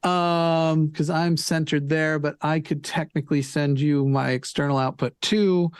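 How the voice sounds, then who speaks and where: A man's voice: fairly high pitch, fairly even intonation, measured pace, smooth, no echo. A man joining a charity livestream as a guest, joking, teasing and thinking aloud while he fixes his stream settings. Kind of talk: casual livestream chat.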